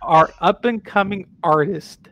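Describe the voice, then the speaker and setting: A man's voice: high-pitched, a bit bright, dry recording. Rambling man narrating a role-play game. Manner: rambling, halting with fillers. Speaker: game master.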